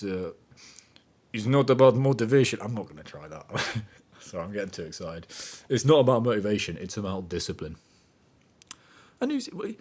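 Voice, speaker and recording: A man hosting a podcast, talking in a casual motivational monologue that is animated and emphatic, swearing freely. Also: low voice, husky. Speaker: podcast host.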